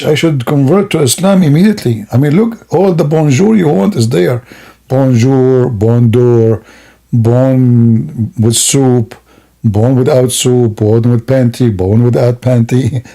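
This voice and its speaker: Gravelly, husky man mocking on a livestream. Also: mid-range voice, mellow. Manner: mocking, laughing, theatrical asides. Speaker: streamer. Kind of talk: sarcastic livestream monologue.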